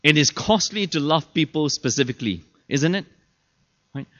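A man's voice: a little high, animated, moderate pace, a bit bright. A man preaching a sermon as pastor, chatty and full of rhetorical questions to the audience, often acting out the people he quotes. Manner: acts out quoted people in shifted voices. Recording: dull lo-fi sermon recording.

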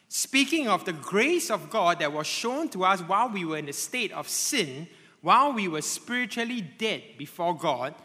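Animated male preacher in a reverberant hall. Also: high-pitched. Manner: animated preaching with frequent tag questions. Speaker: pastor. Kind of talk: sermon.

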